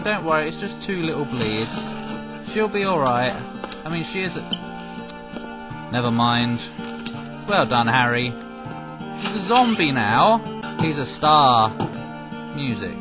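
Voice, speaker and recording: Silly guy yelling over his game, slow drawly talk with big swoops, game music under it. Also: on the high side, poor audio. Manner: excitable and goofy, with sudden loud outbursts. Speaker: gameplay commentator. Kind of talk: silly let's-play commentary.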